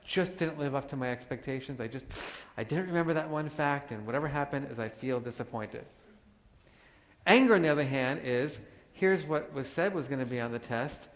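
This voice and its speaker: A man giving a live talk to an audience, animated and joking as he acts out examples. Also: medium pitch. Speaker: workshop speaker. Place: large hall with audience. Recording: hall reverb.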